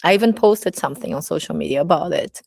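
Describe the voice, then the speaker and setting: A woman's voice: low voice, wildly swooping pitch, fast, a little mellow, slightly rough, no room sound. Candid Brazilian-accented woman, dry sound. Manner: candid, chatty, many "you know, like" fillers. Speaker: burlesque teacher and mentor. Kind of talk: casual personal monologue.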